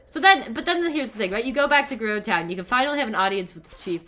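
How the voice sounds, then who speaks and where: A young woman streamer ranting in casual commentary, animated and profane, with lots of fillers. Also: on the high side, rapid-fire.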